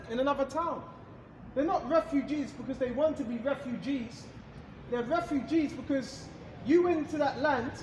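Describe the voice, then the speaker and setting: A man's voice: very high-pitched, roomy sound, slight background noise, low-quality recording. A man teaching scripture in an emphatic, repetitive way, asking rhetorical questions and answering them. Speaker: preacher. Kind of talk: street-style scripture teaching.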